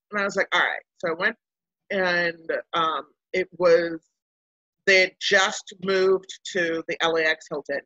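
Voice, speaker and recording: Bright-voiced woman telling a story. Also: fairly low pitch, no room sound, dull audio. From Baltimore, United States. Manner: animated storyteller who acts out quotes. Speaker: interview guest. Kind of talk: casual storytelling interview.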